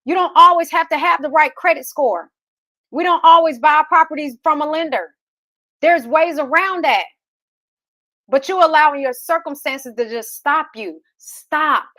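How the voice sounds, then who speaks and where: A woman in her thirties talks straight to her listeners like a preacher, fired up and firing off rhetorical questions. Her voice sits high and has a bright, forceful edge. The sound is dry and close, with no room around it. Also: normal speed, dry recording. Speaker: real estate investor and host. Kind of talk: motivational talk to camera.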